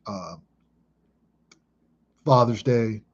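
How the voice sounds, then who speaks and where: A man in his thirties from Chicago, reminiscing casually in an emphatic, excitable way with heavy swearing. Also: fairly low pitch, extremely slow, highs cut off. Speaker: vlogger.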